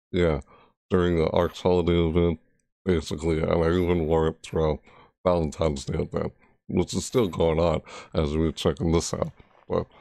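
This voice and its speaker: Low gravelly man rambling over gameplay. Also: a little mellow, dry recording, studio quality. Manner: rambling, self-correcting, reads game text aloud. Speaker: gaming YouTuber. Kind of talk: casual gameplay commentary.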